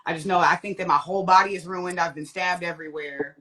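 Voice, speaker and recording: A woman's voice: steady tone, quick pace, a bit bright. A young adult woman telling her personal testimony as a guest, acting out quoted voices. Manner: vivid, acts out quoted voices with big pitch jumps. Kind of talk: personal storytelling.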